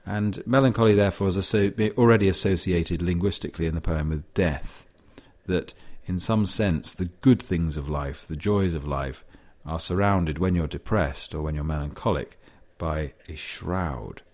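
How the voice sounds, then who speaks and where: Deep-voiced man lecturing on poetry. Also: a little mellow. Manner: measured, thoughtful, with scholarly asides. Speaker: literature lecturer. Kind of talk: explaining and reading poetry aloud.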